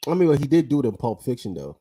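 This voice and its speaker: A man's voice: medium pitch, racing, slight background noise. A man co-hosting a sports podcast, talking in casual banter and cursing for emphasis. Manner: animated, emphatic, curses for effect. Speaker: podcast co-host.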